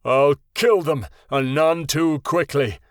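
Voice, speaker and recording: A man's voice: no echo, studio quality. A man doing a wrathful father dragon. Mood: furious. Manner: deep, slow and menacing.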